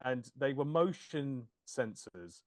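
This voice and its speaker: Brief: lively man, podcast co-host, jokey storyteller, up-and-down pitch, dry close sound. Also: takes it slowly, no room sound. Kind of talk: casual chat.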